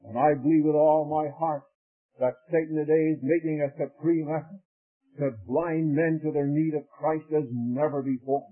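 Fervent preacher on tinny old radio. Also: male voice, fairly high pitch, fairly even intonation, normal speed. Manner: fervent, rising to loud impassioned peaks; folksy storytelling. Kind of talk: revival sermon.

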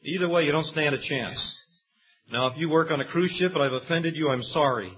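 A man preaching a sermon, telling Bible stories with lively acted-out quotes. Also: fairly high pitch, brisk, soft background music. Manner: animated storytelling preacher, acts out quoted voices. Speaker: pastor. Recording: dull lo-fi sound.

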